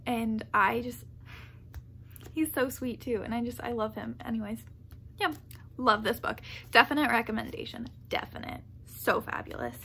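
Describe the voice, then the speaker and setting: Bright, gravelly-voiced woman gushing on a vlog. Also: a little high, a little hiss or hum. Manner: rambling and gushing, heavy with "like" fillers; laughs often mid-sentence. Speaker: book vlogger. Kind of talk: casual vlog chat.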